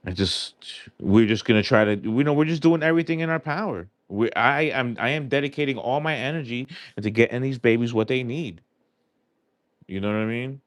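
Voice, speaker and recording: A man with a medium-pitched voice, speaking a little fast with no room sound, hosts a live stream where he scratches lottery tickets. His chat is casual, earnest, and rambling, heartfelt and packed with fillers.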